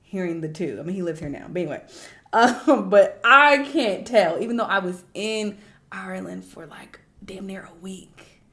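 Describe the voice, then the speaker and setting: A woman's voice: medium pitch, lively intonation, normal speed, fairly bright tone. A young woman giving casual reaction commentary, chatty and slangy, laughing often between remarks. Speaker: reaction YouTuber.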